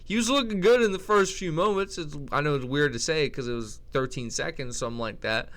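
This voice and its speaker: A man's voice: fairly high pitch, fairly quick, a bit bright. A young man giving casual, profane, rambling commentary as a vlogger, often incredulous. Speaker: MMA tier list vlogger.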